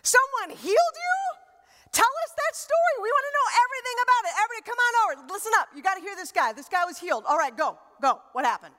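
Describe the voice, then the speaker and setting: A woman doing a gushing crowd voice, pitched far up, breathless and hurried. It rushes with excitement, and every word rings off a long reverberant hall. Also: heavily acted. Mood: excited. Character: eager gushing crowd of onlookers.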